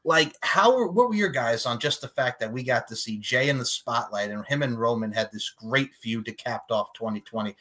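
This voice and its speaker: A man hosting a casual podcast chat, animated and quick to laugh as he hands the talk to his co-hosts. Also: medium pitch. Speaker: podcast host.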